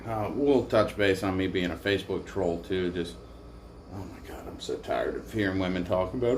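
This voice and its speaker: A man's voice: lowish voice, moderate pace. A tired man casually telling a crude, profane, self-mocking story from his motorcycle trip, with a faint background hiss. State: tired from little sleep. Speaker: motorcycle travel vlogger.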